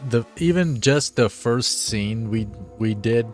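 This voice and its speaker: A man streaming a game live, reading the dialogue aloud and chatting in a playful, excitable way. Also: medium pitch, slow pace, music in the background.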